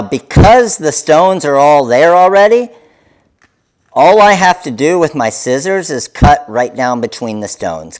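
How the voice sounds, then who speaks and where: Slow-talking upbeat man demonstrating crafts. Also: medium pitch. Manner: upbeat, talks viewers through each step. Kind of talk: live craft tutorial.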